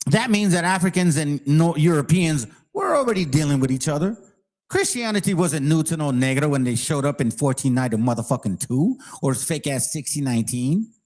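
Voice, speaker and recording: A man's voice: fairly high pitch, lively intonation, brisk, a little mellow. Profane, heated man ranting. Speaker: channel host. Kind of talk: ranting commentary.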